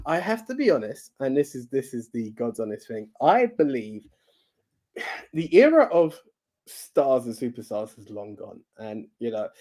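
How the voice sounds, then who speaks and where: A man's voice: medium pitch, very animated, a little slow, darkish tone. A young man co-hosting a podcast, rambling earnestly through his opinions. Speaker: podcast co-host. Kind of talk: casual chat.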